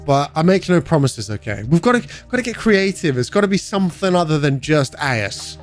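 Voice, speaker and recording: Young british man, game streamer, chatty, jokey, slightly high voice. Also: big pitch swings, a little fast, faint music behind. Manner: chatty, answers chat aloud, joking. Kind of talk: casual livestream chat.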